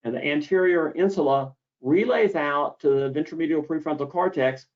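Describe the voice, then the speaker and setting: Male lecturer, slightly high voice, measured and repetitive delivery, dull lo-fi recording. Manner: deliberate, repeats key words for emphasis. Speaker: misophonia therapist explaining treatment. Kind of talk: explanatory lecture. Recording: dull lo-fi audio.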